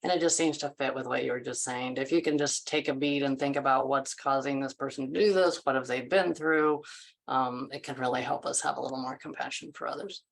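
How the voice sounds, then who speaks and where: A woman in a casual chat who teaches compassion, speaking in a thoughtful, gentle way. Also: a bass voice, steady tone, fairly quick, vocal fry, poor audio.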